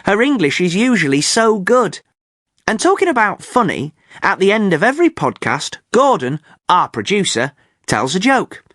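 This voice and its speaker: A male podcast host presenting a scripted learner show in clear, careful speech with a lively, varied pitch. He sounds lightly amused, recorded on a close, dry studio mic. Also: normal speed, dry recording.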